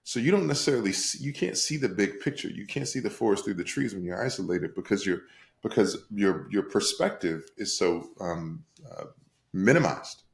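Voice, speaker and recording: A man telling his own story as an interview guest on a video call, animated and repetitive, often laughing. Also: on the low side, normal speed, gravelly, echoey room. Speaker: guest, coach and speaker.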